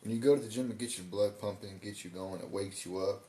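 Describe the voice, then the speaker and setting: A man's voice: on the low side, quick pace, mellow. A man hosting a casual livestream, talking in a laid-back, slangy way and stumbling over his words now and then. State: hiccups. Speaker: livestream host. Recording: roomy echo, faint background noise.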